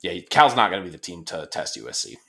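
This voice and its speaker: Guy hosting a podcast, lowish voice, super laid back, lots of ums. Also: fast talker, creaky, husky. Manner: relaxed, laid-back, with frequent fillers and mild swearing. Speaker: podcast host. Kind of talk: casual sports chat.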